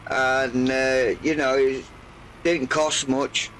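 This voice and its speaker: Slow-talking older man, croaky. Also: medium pitch, level tone, fairly bright tone, a little hiss or hum, poor audio. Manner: rambling, hesitant, full of pauses. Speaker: game streamer. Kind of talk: relaxed live gameplay chat.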